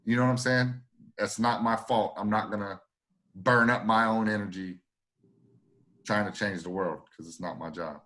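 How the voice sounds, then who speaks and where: A man's voice: fairly low pitch, steady tone, normal speed, a bit bright. A man co-hosting a podcast, talking emphatically with lots of swearing and restarts. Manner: emphatic, profane, repeats himself. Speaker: podcast co-host. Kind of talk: casual podcast chat.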